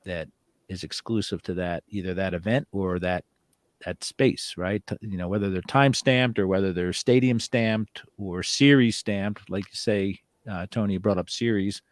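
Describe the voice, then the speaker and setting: A man's voice: sits low, normal speed, no echo, clean studio sound. A man hosting a casual podcast about sports and collecting, hedging with fillers and tossing in rhetorical questions. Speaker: podcast host. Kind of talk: casual sports and hobby chat.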